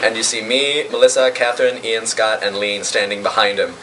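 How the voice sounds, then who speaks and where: A man improvising an imaginative story for friends, with animated, playful narration. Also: lowish voice, fairly quick. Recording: distant mic with faint noise.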